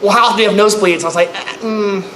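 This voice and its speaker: A man telling a comic story to a live convention audience, acting out other people with loud, high-pitched outbursts. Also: steady tone, rapid-fire. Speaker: convention panelist. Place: convention panel room. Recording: echoey room, faint noise.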